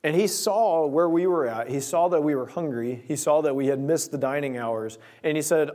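A young man preaching, opening his sermon with a lively personal story and acting out his own lines. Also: on the high side, normal speed, few pauses. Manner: storytelling, animated quoting of himself.

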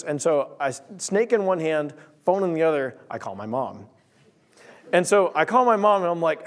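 A young man tells a story from the pulpit, his voice sitting a little high. He speaks in an animated way and acts out the voices and sound effects in his story. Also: normal speed. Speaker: preacher. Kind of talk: sermon storytelling.

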